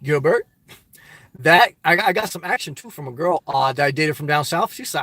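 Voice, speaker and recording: A man with a New Jersey accent hosting a casual livestream, answering chat with animated rhetorical questions that swing from loud to soft. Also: on the high side, fairly quick, dry recording. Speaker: livestream host reading chat. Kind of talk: casual live chat monologue.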